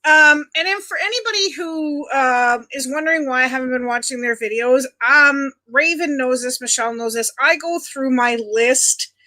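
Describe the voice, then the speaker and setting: Middle-aged woman from Ontario, livestream host; chatty and friendly with viewers, bright, slightly high voice. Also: normal speed, hardly any pauses. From Canada (Ontario). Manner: chatty, greets viewers by nickname. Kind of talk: casual chat with live viewers.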